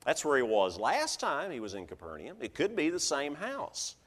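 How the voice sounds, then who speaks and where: Male preacher, very expressive storyteller, echoing church hall sound. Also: fairly high pitch, moderate pace. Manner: animated storytelling, acting out voices of listeners. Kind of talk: sermon.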